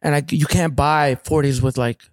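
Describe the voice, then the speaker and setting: A Canadian man tells a rowdy story in a high, lively voice, swearing freely and slipping into other people's voices. The sound is close and dry, with no room around him. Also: moderate pace, no echo. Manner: profane, animated, acts out other people's voices. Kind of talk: casual storytelling.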